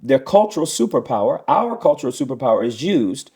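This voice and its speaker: A man's voice: medium pitch, sing-song, a little fast, darkish tone, slightly rough. A middle-aged man speaking earnestly as a guest in a casual discussion, often acting out quoted speech in a raised voice.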